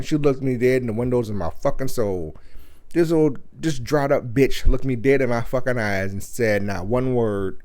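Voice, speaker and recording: A man's voice: mid-range voice, normal speed. Cursing man ranting through a story. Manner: loud, cursing, animated storytelling with mimicked voices. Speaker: podcast host. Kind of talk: profane storytelling rant.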